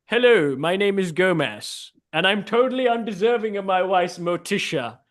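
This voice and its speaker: A man's voice: sits high, animated, normal speed, voice pushed up. Self-pitying gothic husband, a man putting it on, overwrought comic whine. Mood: mock despair. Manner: overwrought, whiny self-deprecation. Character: self-loathing male gothic family patriarch. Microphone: video call.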